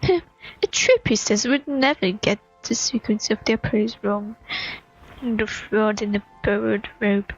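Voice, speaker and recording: A woman's voice: mid-range voice, slow pace, breathy edge, lo-fi sound, faint music behind. Woman doing a haughty priestess with a British accent. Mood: scornful. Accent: put-on British. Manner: scornful, declamatory.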